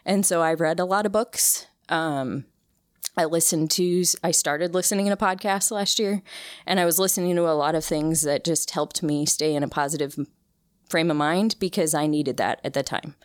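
A woman in her thirties speaks in a notably low voice as an interview guest. She tells her story earnestly and emotionally, often restarting her sentences. The sound is dry and close, with no room around it. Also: clean tone, dry recording. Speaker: interview guest, cancer survivor. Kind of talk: casual conversational interview.

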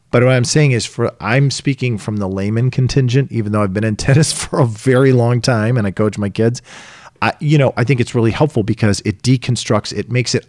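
A middle-aged man co-hosting a casual podcast, telling lively stories and acting out exasperated voices. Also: mid-range voice, no room sound, studio quality. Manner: animated storyteller, acts out exasperated voices. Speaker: podcast co-host.

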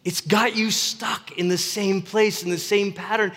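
A man with a high-sitting, fairly bright voice preaches as a pastor, a little slowly and in a steady tone, earnest and conversational with frequent restarts. The hall around him is reverberant.

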